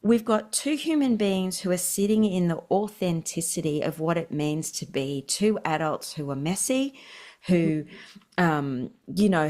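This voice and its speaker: A middle-aged woman with a slightly low voice, talking as a podcast guest. She tells her stories in an animated way and laughs often. She talks about family life with warmth and ease. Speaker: parenting expert guest. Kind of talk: podcast interview.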